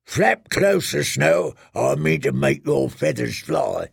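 A man's voice: medium pitch, huge pitch swings, takes it slowly, gravelly, slightly rough, no room sound, studio quality, heavily acted. A man doing a growling, taunting wildling. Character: growling scruffy wildling man, mocking and fierce.

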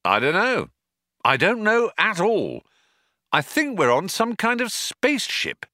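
A man doing a brisk, emphatic explainer. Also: sits high, wildly swooping pitch, pushed and bright, no room sound, studio quality, voice pushed up, heavily acted. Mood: explaining.

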